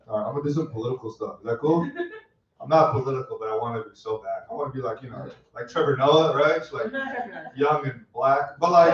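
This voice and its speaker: Self-mocking stand-up comic in a roomy club. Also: male voice, on the high side, heavy background noise. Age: 30s. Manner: deadpan, self-mocking, laughs at his own jokes. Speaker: stand-up comedian. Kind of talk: stand-up comedy set with crowd work. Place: comedy club stage. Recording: roomy, distant, dull club recording.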